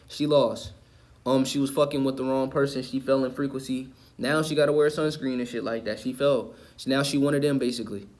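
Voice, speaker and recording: A man's voice: medium pitch, a little mellow. A man ranting to the camera in an impassioned, preachy way, cursing and repeating himself for emphasis. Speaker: online video host. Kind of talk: impassioned spiritual rant.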